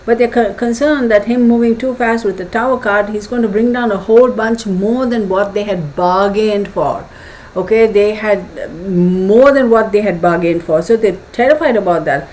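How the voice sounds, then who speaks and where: A woman's voice: medium pitch, moderate pace, a little mellow, low-quality recording. Woman doing tarot chat, rambly with lots of um and uh, bit of faint hiss behind. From United States. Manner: chatty, thinks aloud with fillers and acted asides. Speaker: tarot reader. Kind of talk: casual tarot reading.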